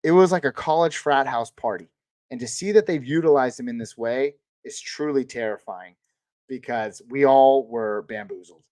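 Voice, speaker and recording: A man hosting a live-stream Q&A, answering viewer questions in a relaxed, chatty way and calling people dude and man. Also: mid-range voice, normal speed, no room sound. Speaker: host of a live fantasy football Q&A stream.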